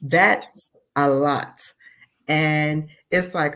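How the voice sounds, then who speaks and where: A woman's voice: sits low, fairly even intonation, a little slow. A woman being interviewed as a community advocate, speaking in a heartfelt, earnest way and often saying "you know.". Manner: heartfelt, repeats "you know", voices her own thoughts aloud.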